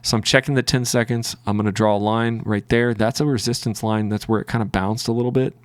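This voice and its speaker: A man's voice: on the low side, fairly even intonation, fast talker, smooth, dry recording. A man with a Southern US accent, hosting a trading video and narrating his screen in a rambling way with many fillers. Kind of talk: casual screen-recording commentary.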